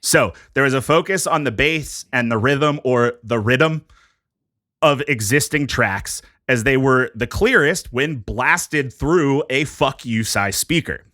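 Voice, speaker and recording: A man's voice: medium pitch, animated, a little slow, few pauses, pushed and bright, no echo, clean studio sound. A man hosting a casual podcast, presenting a music history topic from prepared notes in a jokey, conversational way.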